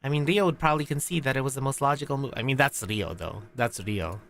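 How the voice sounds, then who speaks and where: A man's voice: medium pitch, quick pace, a bit bright. Joking man reading a game story. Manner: joking, laughing asides. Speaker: let's-play streamer. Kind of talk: casual game commentary while reading story.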